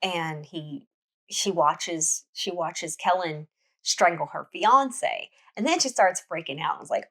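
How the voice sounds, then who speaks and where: A woman's voice: lowish voice, slow pace, a bit bright. A woman hosting a book podcast, retelling a novel's plot in a chatty storytelling way with many restarts. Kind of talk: casual book recap.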